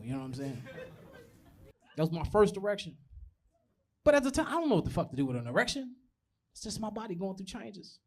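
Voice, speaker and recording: A man's voice: high-pitched, very animated, a little fast, long pauses. Young guy doing standup, cussing a lot, acts out little voices, laughs at his own bits. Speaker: stand-up comedian. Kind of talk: stand-up comedy set. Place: comedy club stage.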